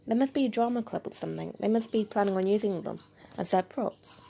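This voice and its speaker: A woman's voice: medium pitch, fast, vocal fry, dark tone, natural voice. A woman voicing a polite, hesitant teenage exchange student who apologizes a lot. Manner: apologetic and unsure.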